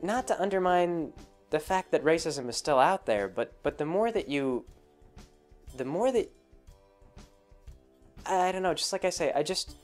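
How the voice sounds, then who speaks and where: A man's voice: fairly high pitch, expressive, unhurried, pauses often, soft background music. A man hosting his own video, talking through his views in a loose, rambling monologue full of "like" and "you know" and frequent restarts. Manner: rambling, heavy on fillers and restarts. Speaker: video host. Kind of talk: casual commentary monologue.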